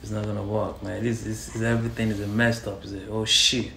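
A man's voice: fairly low pitch, level tone, a little fast, vocal fry, bright, forceful tone, roomy sound, slight background noise. A man, a guest on the show, talking bluntly and swearing. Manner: blunt, profane. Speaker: guest testing his girlfriend.

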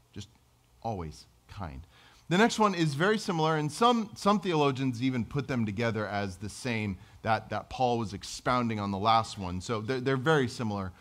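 A man's voice: medium pitch, fairly bright tone. A middle-aged man preaching a sermon as pastor, in a conversational, self-deprecating way with acted-out quotes.

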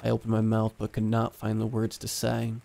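A man narrating a scripted horror story in a hushed, suspenseful way. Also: on the low side, monotone, a little fast, gravelly.

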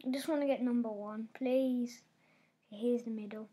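A woman giving live gameplay commentary, reacting aloud with frequent exclamations and dropping to soft mutters between outbursts. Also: fairly high pitch, fairly even intonation, normal speed, slightly rough. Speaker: gamer.

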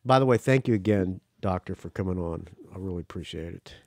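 A man's voice: sits low, fairly quick, dry recording. A man hosting a podcast in casual chat, rambling and teasing his guest. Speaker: podcast host.

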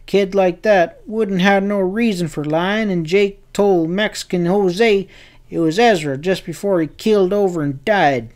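A man voicing an excitable frontier townsman who spills urgent news in a folksy drawl, for an audiobook western. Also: high voice, unhurried, pitched above the performer's own voice. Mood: alarmed.

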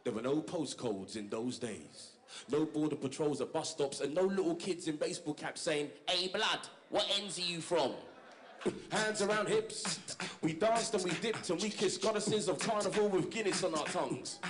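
High-voiced man performing poetry. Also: normal speed, a little hiss or hum. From East London. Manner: rhythmic, rising to shouted call-outs. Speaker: spoken word poet. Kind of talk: spoken word performance to an audience.

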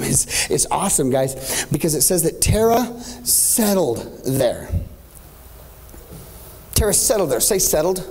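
High-voiced pastor preaching with sung climaxes. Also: male voice, very animated, a little slow, pauses often, a little mellow, husky. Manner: preaching with rising, half-sung climaxes and joking asides. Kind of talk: sermon. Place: church stage.

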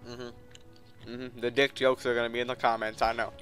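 A man's voice: medium pitch, level tone, fast talker, fairly bright tone, faint music behind. Laid-back young man commenting on gameplay. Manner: laid-back, joking, swears casually.

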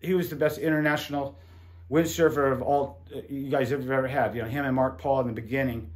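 A middle-aged man and former windsurfer telling stories casually in an interview, animated and acting out quoted voices. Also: mid-range voice, fast. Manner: animated, swearing, acts out quotes.

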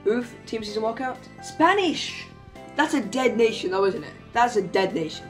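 A woman giving casual, excitable commentary as she opens card packs, calling out reveals and laughing often. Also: on the high side, fairly quick. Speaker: gaming YouTuber. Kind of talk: casual pack-opening commentary. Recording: faint background music.

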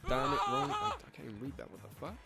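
Excitable man swearing through gameplay. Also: medium pitch, vocal fry, loud music behind the voice. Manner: excitable, profane, quick to laugh. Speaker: gaming channel host. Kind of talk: let's play commentary.

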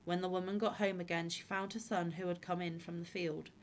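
A woman reading old fairy tales aloud in a calm, measured way. Her voice sits on the low side, steady and unhurried. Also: slight background noise. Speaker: storyteller. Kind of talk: fairy-tale read-aloud.

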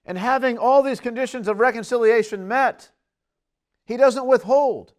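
Man, preacher, high voice, earnest, emphatic sermon delivery. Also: normal speed. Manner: earnest, emphatic, lively swings in pitch and loudness.

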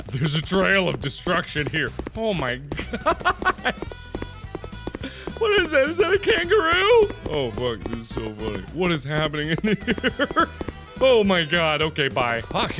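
A young man in his twenties giving excitable let's-play commentary, swearing and bursting into laughter. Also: on the high side. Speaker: gaming video host. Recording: game music behind.

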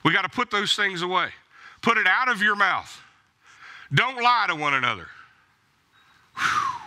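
A man's voice: high-pitched, very animated, normal speed, sharp tone. A male pastor preaching a sermon in an emphatic, exhorting way, driving points home with blunt repeated commands. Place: church.

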